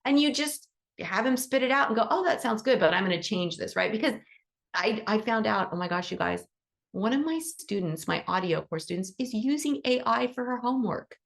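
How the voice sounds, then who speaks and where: A woman's voice: on the high side, expressive, normal speed, gravelly. A woman who teaches animal Reiki, hosting a casual support call, chatty and encouraging as she acts out bits of dialogue. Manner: motivational, affirming.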